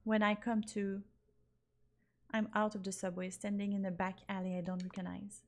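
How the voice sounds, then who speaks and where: A woman streamer narrating a visual novel in first person, expressive with occasional asides. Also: mid-range voice, normal speed. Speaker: let's play streamer.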